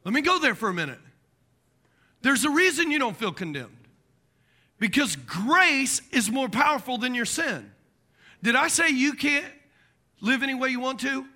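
A middle-aged man preaching a sermon as pastor, animated and jokey, acting out quoted voices and dropping into muttered asides. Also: very high voice, moderate pace, pauses often.

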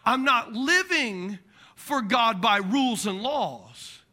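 Delivering a sermon, this middle-aged pastor is lively and playful, performing the voices of people he quotes and muttering asides under his breath. His voice is very high-pitched and his pace is slow.

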